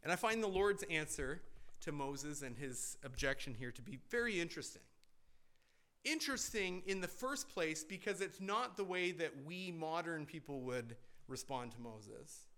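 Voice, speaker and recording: A pastor preaching a sermon in a church, emphatic and deliberate, with rhetorical questions. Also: male voice, fairly high pitch, animated, pushed and bright.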